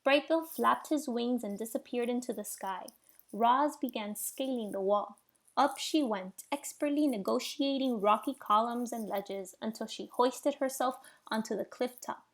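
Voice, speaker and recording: A woman reading a children's novel aloud in an expressive storytelling voice. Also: on the high side, unhurried. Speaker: reader.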